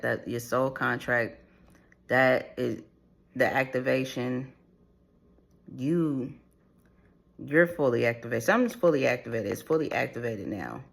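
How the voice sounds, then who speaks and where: A mid-range male voice with vocal fry channels a spiritual reading for his viewers. He rambles, repeats himself, and keeps restarting, with plenty of fillers.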